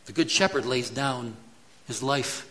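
A male pastor preaching a sermon in a slow, deliberate rhythm. His voice is bright and forceful, and he drives his points home with emphatic rhetorical questions. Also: medium pitch, low-quality recording.

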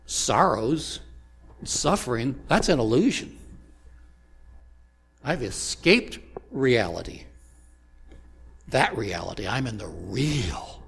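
A man preaching a sermon as pastor, slow and deliberate, asking the congregation rhetorical questions. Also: medium pitch, vocal fry, fairly bright tone, husky.

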